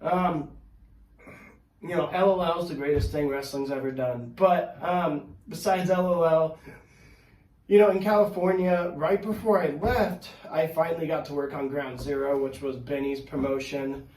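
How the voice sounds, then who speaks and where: A man guesting on a podcast, telling his stories in casual chat, animated and full of fillers, swearing freely. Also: on the high side, moderate pace. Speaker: podcast guest, pro wrestler. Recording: echoey room, mic at a distance.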